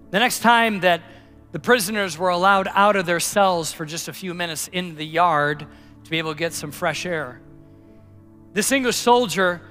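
A man preaching with a high, ringing, bright voice, building to loud emphatic peaks and then sinking to a hushed tone in prayer. He tells his story like a practiced pastor, with faint music under him. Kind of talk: sermon.

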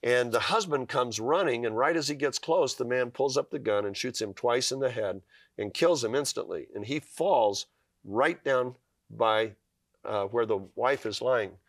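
A man's voice: medium pitch, measured pace, no room sound, clean studio sound. A man giving a devotional talk, telling a story earnestly and quoting scripture. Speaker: Christian speaker.

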